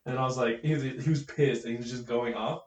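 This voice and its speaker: A man's voice: mid-range voice, steady tone, quick pace, a crowd in the background. A young man co-hosting a podcast, telling work stories in a laid-back way and swearing often. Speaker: podcast co-host. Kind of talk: casual chat. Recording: echoey room, distant mic, faint noise.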